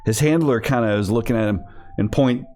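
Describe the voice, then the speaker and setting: A man's voice: mid-range voice, a little fast, a little mellow, faint music behind. A man running a tabletop game over an online call, narrating casually with many fillers and restarts. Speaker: game master.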